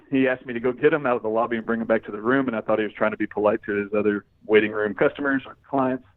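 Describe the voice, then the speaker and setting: A man's voice: on the low side, fast. A middle-aged man telling a personal story as an interview guest, acting out the lines of the people in it. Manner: animated storyteller, acts out quoted dialogue. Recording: dry, phone-like narrow sound.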